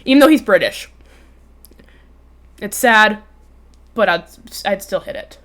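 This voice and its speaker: Twenties woman, podcast host, animated storyteller, swears often, average pitch. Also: unhurried. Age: 20s. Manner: animated, swears freely, bursts into laughter. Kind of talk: casual storytelling chat. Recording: remote call, co-host audio cutting out.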